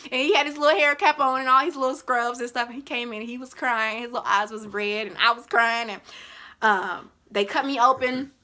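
Bright-voiced woman telling her story. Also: fairly high pitch, a little fast. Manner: animated, reliving events in a rising voice. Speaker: vlogger recounting her childbirth. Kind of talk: emotional personal storytelling.

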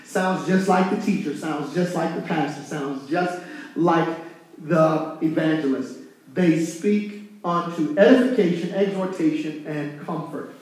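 A man's voice: fairly high pitch, measured pace, a little mellow. A man preaching a fired-up sermon as pastor, talking with his congregation and asking them questions. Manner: fired-up, conversational preaching with call-and-response. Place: church sanctuary. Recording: echoey room, from far off.

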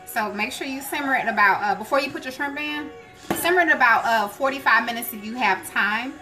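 Chatty cooking host, gospel music behind. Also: female voice, a little high, brisk. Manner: chatty, talks straight to viewers, bursts into joyful praise. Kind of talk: casual live cooking stream chat. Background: gospel music playing.

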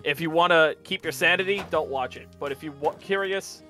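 A man from the United States ranting in a casual group chat. His voice is high and bright. Faint music sits behind him. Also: fairly quick. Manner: ranting, mocking impressions.

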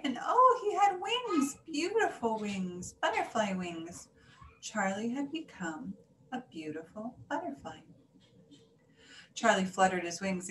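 Woman reading a children's story, animated. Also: medium pitch. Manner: animated, singsong repetitions. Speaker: story reader. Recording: echoey room, faint hiss.

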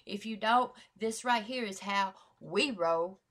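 A woman hosting a reaction video, talking at an unhurried, drawn-out pace in mid-range pitch. She chats in loose slang, swears freely and fires off shout-outs with hype. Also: very noisy. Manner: slangy, hyped, profane, lots of shout-outs. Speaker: YouTube reaction host. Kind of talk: casual reaction vlog chat.

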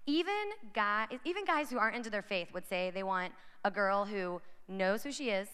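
A woman's voice: mid-range voice, animated, moderate pace, fairly bright tone, clear, resonant tone. A woman giving an inspirational talk to young women at a conference, chatty and constantly checking in with the crowd. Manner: chatty, addresses the crowd directly with frequent "right?". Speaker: conference speaker. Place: large conference hall. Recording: long hall reverb from a large venue.

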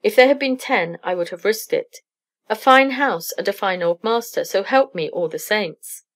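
A woman voicing a rakish, nervous male poet rogue in a read-aloud story, her voice a little higher and louder on his lines. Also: normal speed, lightly acted. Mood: greedy.

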